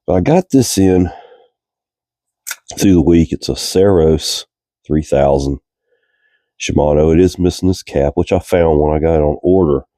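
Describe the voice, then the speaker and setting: A man's voice: extremely low pitch, normal speed, pauses often, no room sound, studio quality. A man with a Virginian accent and a stuffed-up voice from a cold, chatting casually while repairing a fishing reel in a cold garage. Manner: relaxed, chatty, thinking aloud with fillers. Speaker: reel repair channel host. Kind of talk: casual workshop narration.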